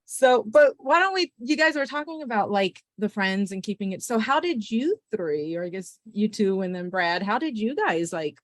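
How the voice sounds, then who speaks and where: A woman's voice: medium pitch, animated, normal speed, few pauses, no room sound. Chatty woman host, dry close sound. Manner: chatty, lots of "like". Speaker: podcast host. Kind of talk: casual conversation.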